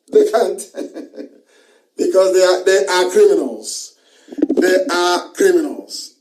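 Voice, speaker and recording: Speaking live on air, this Nigerian-accented political broadcaster has a fairly high pitch and a darkish tone. He drives his points home by repeating phrases and lets out chuckles between lines, all picked up by a distant mic in a roomy space.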